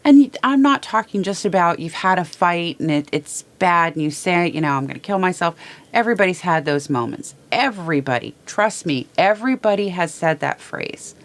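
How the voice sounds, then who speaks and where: A woman host speaking to viewers from a small studio in a halting, emotional way, repeating words as she holds back tears. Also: lowish voice, animated. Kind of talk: heartfelt personal talk to viewers.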